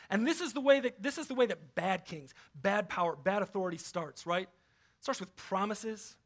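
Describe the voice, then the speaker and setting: High-voiced man preaching animatedly. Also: normal speed. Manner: animated preaching, swinging between loud emphasis and low asides. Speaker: pastor. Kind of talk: sermon.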